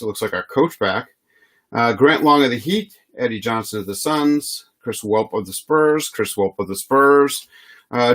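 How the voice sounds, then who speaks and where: A man's voice: mid-range voice, fairly bright tone. Chatty man reading off trading cards. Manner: chatty, laughs often, reads names off rapidly. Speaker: card box breaker. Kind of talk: casual live card-break commentary.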